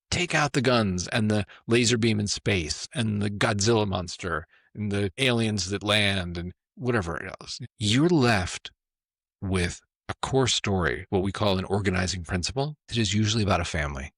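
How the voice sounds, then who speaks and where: A man's voice: low-pitched, fairly bright tone, dry recording, studio quality. A middle-aged man, a former film executive, telling stories as a podcast guest with enthusiasm, acting out quotes and often asking "right?". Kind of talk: animated storytelling conversation.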